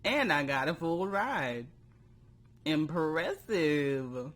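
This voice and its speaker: Youtuber reading their old story out loud and roasting it, laughs a lot, super animated pitch. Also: very slow. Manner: self-mocking, laughs often, breaks into reading. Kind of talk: casual commentary on a story game.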